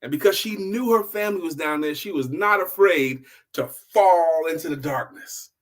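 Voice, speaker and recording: An older man telling a children's story in an animated, playful way. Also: a little high, normal speed. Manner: animated, playful, shouts exclamations.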